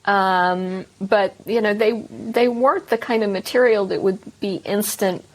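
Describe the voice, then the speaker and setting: Slightly husky Texan woman author. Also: medium pitch, steady tone, measured pace. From Texas, north of Dallas. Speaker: author guest. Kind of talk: interview answers.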